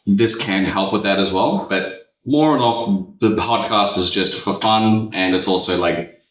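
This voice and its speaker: A man's voice: fairly low pitch, unhurried, far from the mic. A man, chatting casually and rambling a little as a podcast host. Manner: relaxed, rambling storyteller. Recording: echoey room, a bit off-mic.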